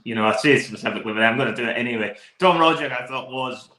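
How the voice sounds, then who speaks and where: A man's voice: mid-range voice, quick pace, sharp tone. A man with a Scottish accent co-hosting a football podcast, giving long, enthusiastic match analysis. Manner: talkative, enthusiastic, long flowing takes. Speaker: podcast co-host. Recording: roomy echo.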